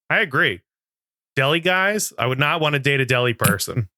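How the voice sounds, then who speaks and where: A man's voice: medium pitch, big pitch swings, a little slow, sharp tone, no echo, clean studio sound. A man co-hosting a podcast, chatting casually and joking with frequent laughs. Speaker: podcast co-host. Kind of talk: casual comedic chat.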